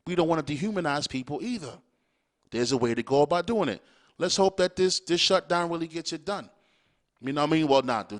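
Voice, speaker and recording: A podcast host with a fairly high, fairly bright male voice delivers a blunt, profane, opinionated monologue. He rants emphatically, driving each point home by repeatedly asking the listener "all right?"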